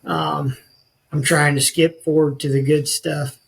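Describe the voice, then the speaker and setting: A man from rural with the to match, telling his own story as a podcast guest. His voice sits a little higher than most men's. He talks in an earnest, rambling way, often stopping and restarting his sentences. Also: level tone, measured pace, vocal fry, poor audio. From rural northwest Missouri. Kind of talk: telling his life story in a casual chat.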